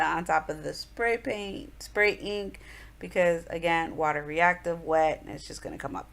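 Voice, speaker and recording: A woman's voice: lowish voice, moderate pace, creaky, fairly bright tone. A woman in her thirties, chatting through an art journal tutorial in a rambling, casual voice-over with many fillers.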